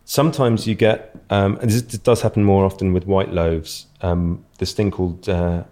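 A man with a fairly low voice walks a host through baking a loaf. He talks in a relaxed, chatty way, pausing with fillers as he explains each step. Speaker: bread-baking guest. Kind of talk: casual instructional chat.

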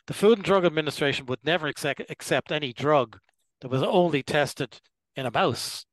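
An older man, a gastroenterologist, giving measured, explanatory interview answers and clearing his throat now and then. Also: fairly high pitch, dry recording, rough recording. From Ireland. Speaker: gastroenterologist guest.

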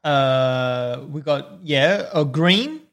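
A man's voice: a little high, expressive, extremely slow, a bit bright, full character voice. A man voicing a burly, easygoing male country cafe owner with an Australian accent and a folksy drawl.

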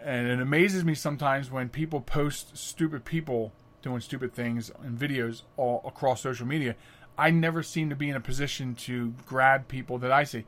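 A middle-aged man hosting a podcast, telling stories casually, chatty and animated, often laughing. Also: mid-range voice, normal speed. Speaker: podcast host. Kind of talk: casual storytelling monologue.

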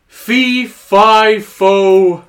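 A man playing a silly male giant in a comedy sketch, delivering slow, goofy rhymes. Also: high voice, fairly even intonation, a bit bright, exaggerated voice.

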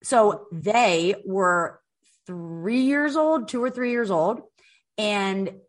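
A woman hosting a podcast in casual chat, telling stories in an animated way, with lots of "like" and swearing. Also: lowish voice. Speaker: podcast host.

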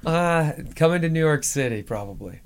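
A man's voice: fairly high pitch, animated, moderate pace, a little hiss or hum. A man from Oklahoma, a musician guest, talking casually in an interview, rambling and joking with lots of fillers.

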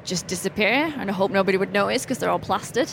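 A woman's voice: medium pitch, quick pace, vocal fry. A woman, a guest in a casual podcast chat, talking candidly and with self-deprecating humour. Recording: noisy background hiss.

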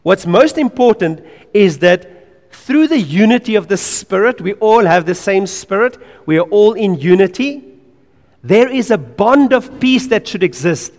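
A man preaching a sermon in an earnest, emphatic way. He repeats key phrases and drops to quiet asides. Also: high voice, animated, a little slow, in a large hall.

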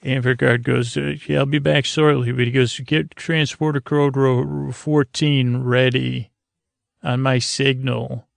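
Flat gravelly man rambling a recap. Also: medium pitch, measured pace, dry recording, studio quality. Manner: rambling, full of uh and "he goes" asides. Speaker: podcast host recapping an episode. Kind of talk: casual, drowsy recap.

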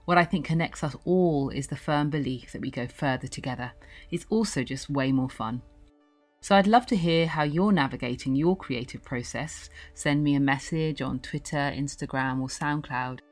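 A podcast host thanking a guest and then reading the show's outro to listeners. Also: mid-range voice. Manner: encouraging, affirming listener with frequent "mm-hmm".

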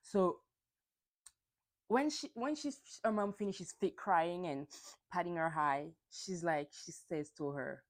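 A woman hosts a casual solo podcast, recapping in a chatty, gossipy way and swearing freely. Her voice sits fairly low but swings widely in pitch. She jumps into high, mocking voices whenever she acts out a quote. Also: expressive, a little slow. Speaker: podcast host.

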